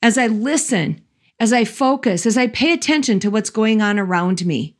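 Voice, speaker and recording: A woman's voice: a little high, animated, normal speed. A woman in her fifties giving a chapel talk, chatty and self-deprecating, laughing often as she tells personal stories. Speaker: chapel speaker. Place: large hall. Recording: echoey hall with long reverb.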